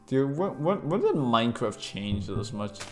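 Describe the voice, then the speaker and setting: A young man streams a block-building game, grumbling, swearing and stammering through restarts on repeated words in casual commentary. His mid-range voice swings widely in pitch at a measured pace, with a darkish tone and faint music behind him.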